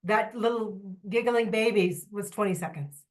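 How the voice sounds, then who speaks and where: Lively woman trainer addressing a room. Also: medium pitch, moderate pace. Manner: lively, candid, joking asides. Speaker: trainer presenting at a symposium. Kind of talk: workshop talk to a live audience.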